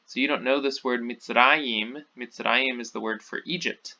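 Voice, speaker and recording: A man talks through a recorded lecture in a loose, unscripted way, full of ums and false starts. His voice is gravelly with a bright edge, and the audio sounds dull and lo-fi. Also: medium pitch, moderate pace, hardly any pauses. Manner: informal, many fillers and restarts. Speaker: teacher.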